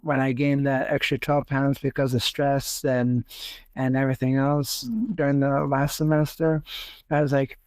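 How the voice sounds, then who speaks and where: A man's voice: mid-range voice, level tone, normal speed, clear, resonant tone, dry recording. Rambling young man hosting a podcast. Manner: rambling, many fillers and self-corrections. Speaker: podcast host. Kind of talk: casual interview chat.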